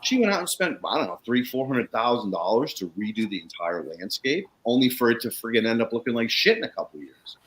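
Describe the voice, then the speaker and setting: This soil-and-landscape worker speaks in a mid-range voice, a little fast and with few pauses, over poor audio. He's a guest on a talk show, spinning a casual tale full of swearing and acted-out voices, animated and profane as he imitates the people he quotes.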